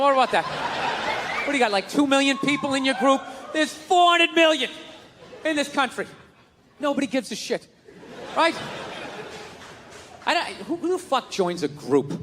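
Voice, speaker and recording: A man from the US East Coast doing a profane, ranting stand-up routine, shouting his punchlines. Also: extremely high pitch. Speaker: stand-up comedian. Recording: reverberant hall with steady noise.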